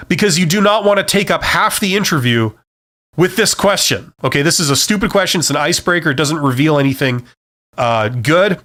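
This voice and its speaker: A middle-aged man talks career advice on a relaxed live stream, his voice sitting a little high for a man. He is frank and a bit ranty, calling things silly or stupid, and keeps checking in with his listeners. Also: brisk. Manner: frank, ranting, repeats "okay?" and "right?".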